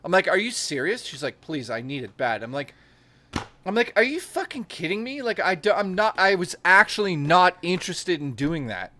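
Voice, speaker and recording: A man telling crude, animated stories in casual chat as a stream co-host. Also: high-pitched, moderate pace, a little hiss or hum.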